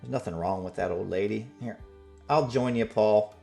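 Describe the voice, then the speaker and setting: A man's voice: on the low side, moderate pace, creaky, dark tone, faint music behind, pitched above the performer's own voice. A man voicing a dismissive local man who shrugs off worries. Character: dismissive middle-aged man, protective brother.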